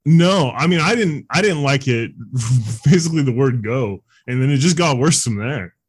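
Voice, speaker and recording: A man's voice: mid-range voice, expressive, moderate pace, breathy edge. A man co-hosting a podcast, trading crude banter and laughing often. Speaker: podcast co-host. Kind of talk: casual chat.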